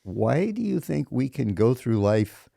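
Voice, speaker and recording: A man's voice: mid-range voice, big pitch swings, measured pace, creaky, warm tone, no room sound, studio quality. A man co-hosting a podcast, chatting casually and responding to his partner's story. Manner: affirming, conversational. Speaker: podcast co-host. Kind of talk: casual chat.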